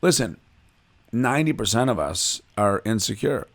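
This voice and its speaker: A man from Chicago, a comedian guest, telling animated and self-deprecating stories in a casual interview. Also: fairly low pitch, moderate pace, gravelly.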